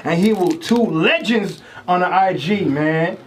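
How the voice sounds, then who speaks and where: A high-pitched man running a casual podcast. He jokes around and hypes up his guests. He keeps the mood loose and playful. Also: a little slow, a little hiss or hum. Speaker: podcast host.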